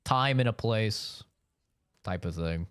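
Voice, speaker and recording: A man's voice: on the low side, slow, a bit bright, smooth, no room sound. A man live-streaming a game, chatting loosely with his chat, rambling and swearing freely. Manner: rambling, profane, answers chat with frequent "you know". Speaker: gaming streamer.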